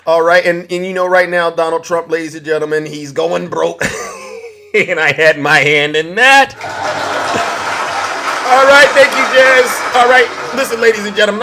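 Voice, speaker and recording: A man with a high voice hosts a social media livestream. He boasts theatrically, chuckles often and stops to greet viewers by name. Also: noisy background. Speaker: livestream host. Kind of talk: TikTok live commentary.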